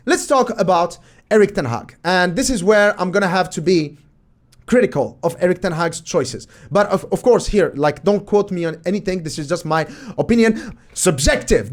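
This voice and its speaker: A man's voice: high-pitched, expressive, moderate pace. A man hosting football tactical analysis, commenting emphatically over match footage with exasperated rhetorical questions.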